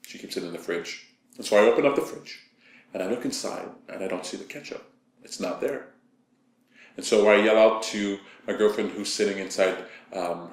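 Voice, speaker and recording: A man from Canada giving a calm, conversational motivational talk, telling stories to make his point. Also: lowish voice. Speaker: motivational speaker. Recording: echoey room.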